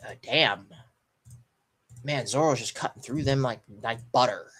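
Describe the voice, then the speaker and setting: A sleepy, yawning man doing a casual live read-through and reaction, pausing often with ums and restarts. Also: medium pitch, a bit bright, slightly rough. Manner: halting, stops often with ums and restarts while reading. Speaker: live manga reaction streamer.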